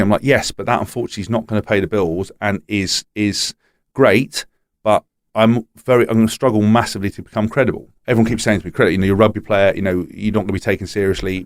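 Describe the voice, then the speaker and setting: A man's voice: lowish voice, dry recording, clean studio sound. A retired rugby player, a man, telling stories in casual podcast chat, swearing freely and restarting often. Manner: chatty storyteller, swears freely, frequent restarts.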